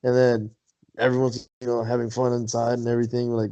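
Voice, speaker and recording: Mellow-voiced man telling a party story. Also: mid-range voice, completely flat delivery, fast talker. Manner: swears a lot, laughs while telling stories. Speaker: podcast co-host. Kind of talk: casual storytelling. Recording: dull lo-fi sound.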